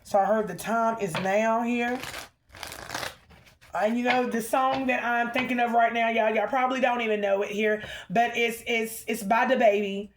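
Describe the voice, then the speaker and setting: Emphatic higher-voiced woman giving a spiritual reading. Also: steady tone, normal speed, a little hiss or hum. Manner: emphatic, repeatedly checks in with "okay?"; calls out to the ancestors mid-reading. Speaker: spiritual reader.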